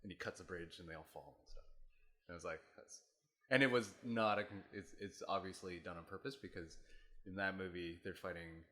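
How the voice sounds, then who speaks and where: A man who is a guest on a podcast, chatting casually and jokingly about films in a halting, rambling way. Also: low-pitched, fairly even intonation, sharp tone. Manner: rambling, halting, jokey, laughs. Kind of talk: casual film chat.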